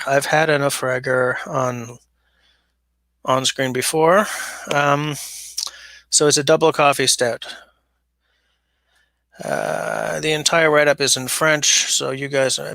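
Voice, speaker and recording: With a creaky, bright, forceful mid-range voice, a man livestreams casually from his basement, wandering off topic and reading viewer comments aloud. The sound has no echo, and he's on a smaller mic than his usual setup.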